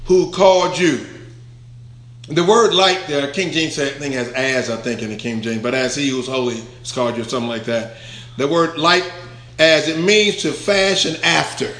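A man's voice: fairly high pitch, sharp tone, reverberant. A man preaching a verse-by-verse Bible sermon, emphatic, stretching key words out and putting questions to the congregation. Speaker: pastor.

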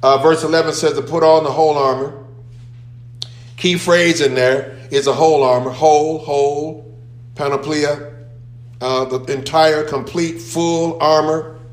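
A man's voice: fairly high pitch, fairly even intonation, a little slow. A man preaching a sermon as pastor, building emphasis and repeating key phrases. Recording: echoey room.

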